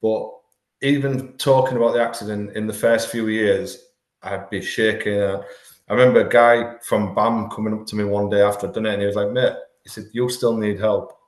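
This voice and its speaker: A man's voice: on the low side, fairly even intonation, brisk. A man, a podcast guest talking candidly and earnestly, often restarting his words. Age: 40s. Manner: earnest, repeats words when restarting thoughts. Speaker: podcast guest, life coach. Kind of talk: candid conversational interview. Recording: roomy echo.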